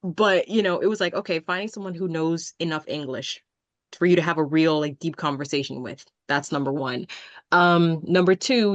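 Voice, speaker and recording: A young adult woman with a Jamaican accent, hosting a casual chat and telling stories in an animated, expressive way. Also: low-pitched, dry recording, dull audio. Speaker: podcast host.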